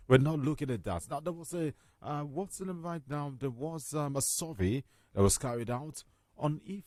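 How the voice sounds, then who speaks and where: A man's voice: mid-range voice, warm tone, dry recording. A man hosting a radio sports show, reading headlines and putting questions to his co-hosts. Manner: reads headlines, then quizzes co-hosts. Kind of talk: casual sports talk.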